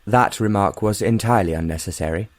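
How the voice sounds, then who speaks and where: A male audiobook reader voicing an arrogant young gentleman who teases in a mocking drawl. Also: fairly low pitch, a little fast, no room sound, close to an everyday voice. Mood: teasing.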